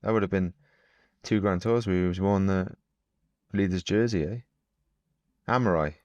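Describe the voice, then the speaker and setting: A man's voice: deep voice, steady tone, normal speed, darkish tone, dry recording, lo-fi sound. A man in his thirties, a podcast co-host talking bluntly and chattily, offering wry opinions. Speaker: podcast co-host, pro cyclist. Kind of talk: casual chat.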